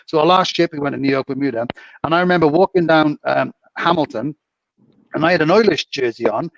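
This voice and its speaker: A man's voice: on the high side, fast talker, vocal fry, no echo. A man from Canada telling rambling anecdotes in a casual chat, with many restarts. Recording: distant, muffled mic.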